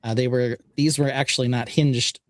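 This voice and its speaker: A man at a middle pitch talks casually on a podcast, stopping often with fillers as he shows a build. His tone is plain and his pace is ordinary. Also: fairly even intonation, no room sound. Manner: halting, explains with many fillers. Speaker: podcast host. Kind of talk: casual show-and-tell chat.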